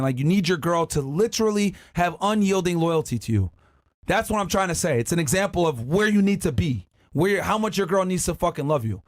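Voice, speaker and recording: Loud high-pitched man ranting. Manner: loud, emphatic, profane ranting. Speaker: podcast co-host. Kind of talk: reaction stream rant.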